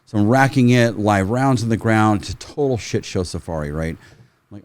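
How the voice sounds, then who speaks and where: A middle-aged man with a fairly low voice spins animated stories as a guest. He swears freely and acts out what people said, heard through a close mic in a dry room with no echo. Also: fairly quick. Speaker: firearms trainer, podcast guest. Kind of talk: casual storytelling.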